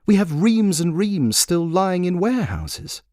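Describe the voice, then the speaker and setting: A man's voice: high voice, very animated, measured pace, a little mellow, no room sound, voice pushed up. A man voicing a patient royal servant who speaks formally, deferentially and with dry understatement.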